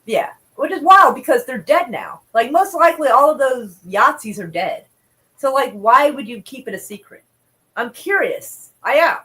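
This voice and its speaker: A woman's voice: sits high, animated, moderate pace, fairly bright tone, rough recording. A woman streaming casual news commentary, blunt and profane, chatting with viewers between headlines.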